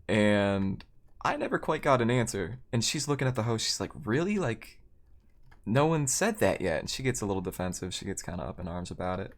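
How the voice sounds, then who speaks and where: A male streamer with a slightly low voice tells a story while he plays. He rambles, restarts his sentences and chuckles along the way. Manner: rambling, self-correcting, laughs between lines. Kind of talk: casual storytelling while gaming.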